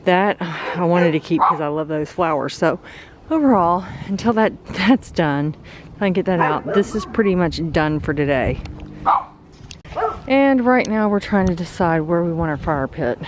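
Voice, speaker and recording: A woman's voice: fairly low pitch, lively intonation, moderate pace. A woman vlogging casually while working in her backyard garden, chatting and thinking aloud. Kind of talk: casual yard-work vlog. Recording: loud outdoor noise.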